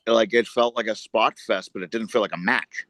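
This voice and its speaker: Animated guy chatting wrestling, dry mic. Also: lowish voice, normal speed, no echo. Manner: animated, says "dude" and "friggin'" a lot. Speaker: wrestling podcast co-host. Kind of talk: casual chat.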